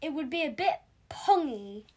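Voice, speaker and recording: A woman with a high voice and lively, animated pitch, questioning every detail of the story. She nitpicks in a skeptical, curious way, tossing out one objection after another. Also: moderate pace. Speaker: skeptical listener.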